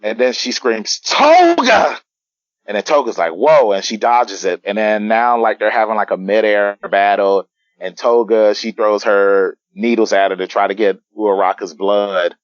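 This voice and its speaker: A man with a low voice talks through a comic chapter in casual podcast chat. He hesitates and restarts often. The sound is dull and lo-fi, and completely dry. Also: flat delivery, dry recording. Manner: halting, many fillers and restarts. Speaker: podcast guest.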